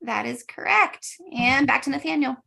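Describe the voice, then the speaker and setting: A woman moderating a spelling bee over a video call, giving brisk, matter-of-fact rulings. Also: sits high, lively intonation, creaky, sharp tone. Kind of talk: running a live online contest.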